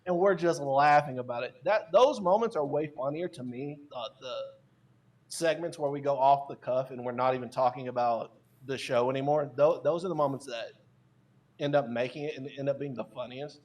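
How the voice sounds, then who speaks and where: A man as a podcast guest telling casual, animated stories, with many fillers and restarts. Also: medium pitch, fairly quick. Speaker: guest, content creator.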